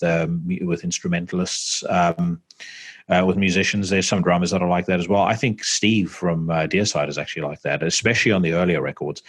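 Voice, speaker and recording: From his home podcast setup, a male host with a low, breathy-edged voice chats in a casual, rambling way, leaning on fillers and dropping the odd swear word.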